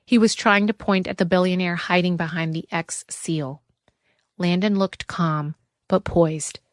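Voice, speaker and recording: A woman narrating an audiobook thriller in a steady, measured way. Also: on the low side, no echo, clean studio sound.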